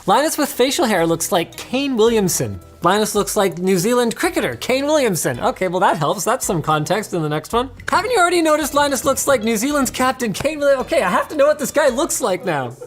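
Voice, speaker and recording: A woman's voice: fairly high pitch, a little fast, hardly any pauses, soft background music. A woman reading viewer comments aloud in a casual, amused way. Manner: amused, lively, reacts with laughter.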